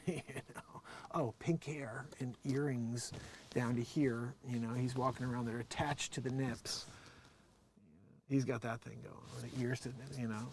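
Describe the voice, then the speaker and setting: A man hosting his own video show, talking in a rambling, animated way, laughing often and acting out what other people say. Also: mid-range voice, brisk, a little hiss or hum. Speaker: video host. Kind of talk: casual political commentary.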